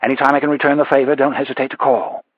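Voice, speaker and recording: A man voicing a gruff, impatient male executive producer who barks orders. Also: medium pitch, fairly even intonation, racing, no room sound, lightly acted. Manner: brusque, barking orders. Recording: dull lo-fi audiobook recording.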